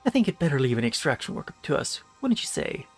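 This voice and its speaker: A man's voice: fairly high pitch, very animated, fast, slightly rough, faint music behind. A man playing a pompous, boastful miner. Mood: smug.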